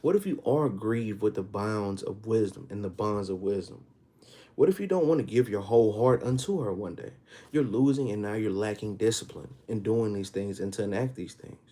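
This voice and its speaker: A man with a Texas accent leads a Bible class in a relaxed, conversational way. His voice sits low and mellow, and he reads the verses at a slow pace before breaking them down in everyday slang with rising force. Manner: reads scripture slowly, then explains in casual street talk with rising emphasis. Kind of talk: informal scripture teaching.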